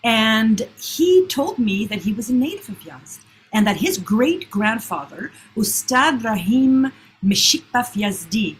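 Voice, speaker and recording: A woman telling a story online with real enthusiasm, her pitch rising and falling freely. She sounds warm and eager as she leads the audience through the tale. Faint background noise sits under her video-call audio. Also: sing-song, a little slow. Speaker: guest presenter and author.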